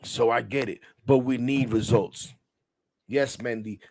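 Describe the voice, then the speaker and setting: A man's voice: mid-range voice, a little slow. Heated, rambling sports podcast host, man. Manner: animated, rambling, swears freely, gets heated. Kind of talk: casual sports talk podcast.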